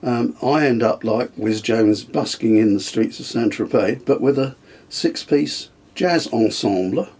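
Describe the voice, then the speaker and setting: Older man, husky, mid-pitched, hesitant storyteller. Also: measured pace, a little mellow. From England. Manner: hesitant, many ums and restarts, chuckles often. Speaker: interviewee, the host's father. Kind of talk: casual reminiscing interview.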